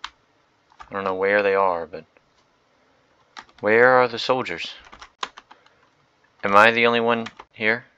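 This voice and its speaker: Excitable young man reacting to gameplay. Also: fairly low pitch, takes it slowly, long pauses, smooth, lo-fi sound. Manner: excitable, slangy, reactive, swings from loud outbursts to mumbled asides. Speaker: gaming video host. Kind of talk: live gameplay commentary.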